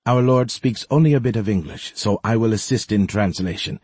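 A man's voice: on the low side, brisk, darkish tone, slightly rough, no room sound. A man voicing a meek, gray-bearded old servant who translates in formal, careful English.

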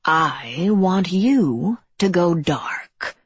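A narrator voicing a cruel male monster with a slick, wet voice, speaking slowly in hushed menace. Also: mid-range voice, lively intonation, husky, no echo, full character voice. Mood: menacing. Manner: slow, hushed, whispering menace.

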